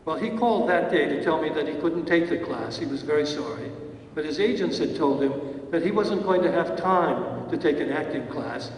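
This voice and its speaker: A man's voice: a little high, moderate pace, a little hiss or hum. A man, an acting teacher, telling stories in an awards ceremony acceptance speech with hesitant fillers, heard from far off in an echoey hall. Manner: anecdotal storytelling with hesitant fillers. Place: large event hall.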